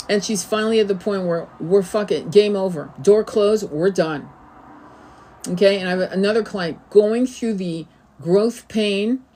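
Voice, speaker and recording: A woman's voice: mid-range voice, warm tone. A middle-aged woman giving casual spiritual advice as a tarot reader, blunt and swearing freely, often checking in with "okay?".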